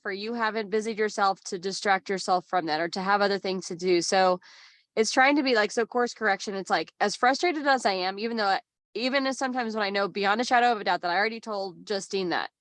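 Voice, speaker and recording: A woman talks openly as a podcast guest, in a relaxed and rambling way that is full of "like". Her voice sits at an average pitch and sounds dry and close, with no room echo. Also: quick pace. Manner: candid, chatty, peppered with "like". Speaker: podcast guest, business owner. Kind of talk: casual chat.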